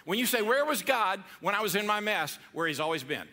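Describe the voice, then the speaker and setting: A man's voice: sits high, lively intonation, a little fast, sharp tone. A middle-aged man preaching a playful, interactive sermon to a church congregation and coaxing them to answer back. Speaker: pastor.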